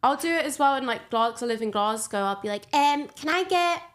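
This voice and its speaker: A woman's voice: a little high, fast, fairly bright tone. A young adult woman talking as a podcast guest, giggly, scattered and self-deprecating in casual chat.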